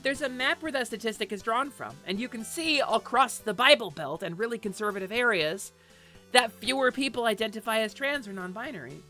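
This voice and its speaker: A woman's voice: a little high, expressive, a little fast, bright, forceful tone, faint music behind. A woman streamer chatting casually and animatedly on a live stream, swearing offhand and laughing often. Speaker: Twitch streamer.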